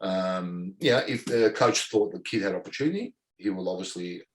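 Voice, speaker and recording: With a deep voice, moderate pace and slight background noise, an Australian man in his forties who once played football tells an animated conversational story, acting out others' lines and laughing often.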